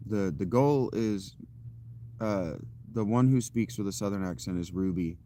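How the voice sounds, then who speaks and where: Low-pitched male streamer, casual and self-deprecating, talking off the cuff to viewers. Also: unhurried, warm tone, slight background noise. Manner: candid, rambling and self-deprecating. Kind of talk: casual chat to a live audience.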